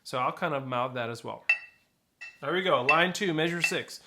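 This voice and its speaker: A man's voice: on the high side, normal speed, heavy background noise. A man teaching snare drum technique, explaining flams and rolls and counting rhythms aloud. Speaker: percussion teacher. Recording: loud drumming behind the voice.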